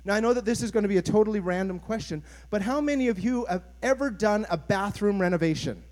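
A man's voice: high-pitched, animated, fast, a little mellow. A man, a pastor, preaching an earnest, conversational sermon and putting questions to his congregation.

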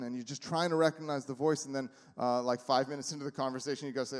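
A man's voice: medium pitch, steady tone, fast, few pauses. Casual male preacher in a reverberant hall. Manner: conversational, with many fillers and acted-out quotes. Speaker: pastor. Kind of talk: sermon. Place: church sanctuary.

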